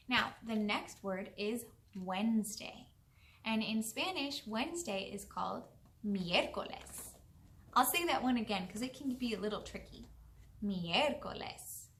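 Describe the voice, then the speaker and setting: A young woman teaching a beginners' language lesson to children, slowly sounding out words and encouraging the listener to repeat. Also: a little high, animated, a bit bright.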